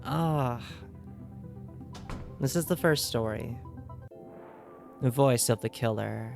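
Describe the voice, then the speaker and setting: Slow-talking chatty woman streamer. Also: a bass voice, vocal fry, a little mellow, faint music behind. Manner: chatty, asks chat lots of questions. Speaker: game streamer. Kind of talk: casual livestream chat.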